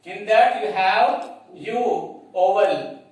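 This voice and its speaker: Telugu-accented male teacher, high voice, unhurried, spells words out, distant in a hollow echoing room. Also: expressive, a little mellow. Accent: Telugu-accented English. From India. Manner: slow, repetitive, spells words letter by letter, checks in with "clear, children?". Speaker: English teacher. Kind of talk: classroom grammar lesson. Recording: echoey room, distant mic.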